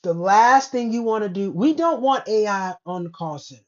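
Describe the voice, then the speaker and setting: A woman's voice: mid-range voice, expressive, moderate pace, a little mellow. A woman hosting a casual commentary show, ranting in a blunt, rambling way with plenty of profanity. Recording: dull lo-fi recording.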